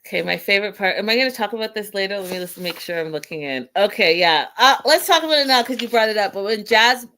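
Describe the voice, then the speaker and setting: A woman hosting a casual reality TV recap, telling scenes with animated retellings and frequent laughter. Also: mid-range voice, fast. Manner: animated storyteller, acts out quotes, laughs often. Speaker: host.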